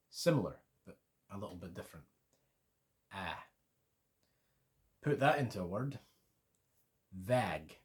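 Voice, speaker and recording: Male language-learner host, low-pitched, very slow and patient, repeats vowel sounds for beginners. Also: a little mellow. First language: English. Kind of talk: slow, deliberate pronunciation lesson.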